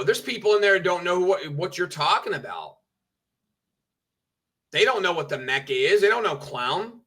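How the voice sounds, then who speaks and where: A man's voice: high voice, animated, normal speed, long pauses, bright, forceful tone, husky. A man streaming, ranting with petty indignation, swearing and mocking others. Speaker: streamer reacting to clips. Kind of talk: ranting commentary.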